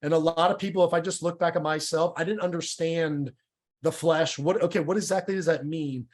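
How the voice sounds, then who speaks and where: A middle-aged man with a fairly high voice tells his testimony in a church interview. He talks candidly and with feeling, tripping over words and starting sentences again. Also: fairly even intonation, a little fast. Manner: candid, emotional, stumbles and repeats words. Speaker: guest sharing his testimony.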